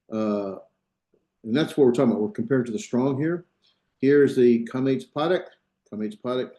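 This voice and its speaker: A man lecturing on Hebrew grammar to a classroom, his voice mellow and warm. He walks through each point step by step, thinking aloud and pausing to check that students follow. The sound rings a little off the room's walls. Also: mid-range voice. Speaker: Biblical Hebrew instructor. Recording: echoey classroom.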